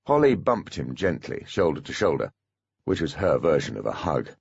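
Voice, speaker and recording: A man reading an audiobook in an expressive storytelling manner. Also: very deep voice, a little fast, creaky, slightly rough, dry recording. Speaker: audiobook narrator. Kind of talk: scripted audiobook narration. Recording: dull, dry lo-fi recording.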